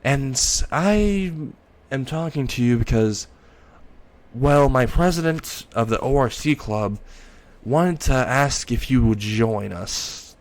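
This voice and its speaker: A man's voice: mid-range voice, lively intonation, takes it slowly. A man voicing a nervous, shy young woman who speaks hesitantly, in a fan-made story reading. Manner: hesitant, soft-spoken.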